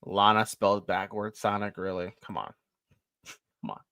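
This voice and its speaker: A man's voice: fairly low pitch, normal speed, gravelly, pushed and bright, no echo. A man co-hosting a live stream, talking casually and rambling to his viewers. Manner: rambling, chatty, laughs often.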